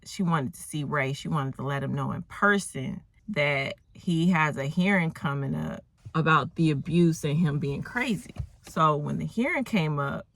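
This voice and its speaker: A woman's voice: sits low, fairly bright tone, no room sound. Chatty woman ranting about a movie. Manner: chatty, slangy, incredulous asides. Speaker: movie recap vlogger. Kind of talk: casual rambling movie rant.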